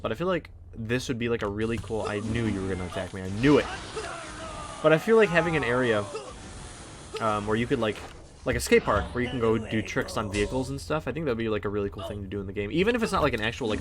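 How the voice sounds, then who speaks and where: A man's voice: medium pitch, expressive, fast, crowd noise. A man hosting a casual game playthrough, talking in a rambling way with many fillers and restarts. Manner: rambling, lots of fillers and restarts, hums along. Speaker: let's play host. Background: faint game music.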